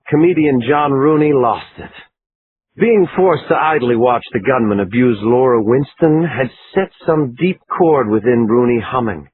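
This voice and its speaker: A man reading a crime thriller audiobook in a dramatic, expressive way. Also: medium pitch, slightly rough. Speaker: audiobook narrator. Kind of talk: scripted narration. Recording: lo-fi phone-like line, faint hiss.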